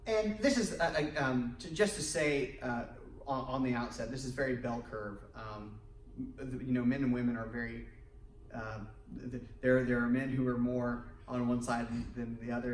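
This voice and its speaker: A husband co-leading a church marriage workshop, halting and full of restarts, getting animated in his stories. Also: mid-range voice, a little hiss or hum. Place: church hall. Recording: echoey room, far from the mic.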